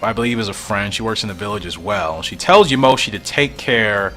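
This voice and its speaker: A man's voice: lowish voice, expressive, brisk, sharp tone, faint music behind. A man giving casual commentary while reading through a comic, musing and thinking aloud, at times confused.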